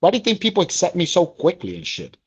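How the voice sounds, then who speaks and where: A man speaking as a guest in a candid podcast talk, blunt and profane, telling stories with lively energy. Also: high voice, quick pace, husky. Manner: blunt and profane, animated storytelling. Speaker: interview guest, peer mentor.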